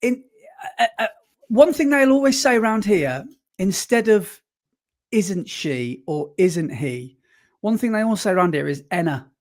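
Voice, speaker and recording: A man's voice: high voice, animated, a little slow. Rambling man. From West Midlands, England. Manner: rambling, stop-start, corrects himself often. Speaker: podcast co-host. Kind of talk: casual chat.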